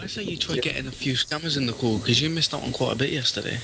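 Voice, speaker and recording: A man's voice: medium pitch, fast talker, gravelly. A man, bantering casually and laughing with a friend on a voice call. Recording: noisy voice-chat audio.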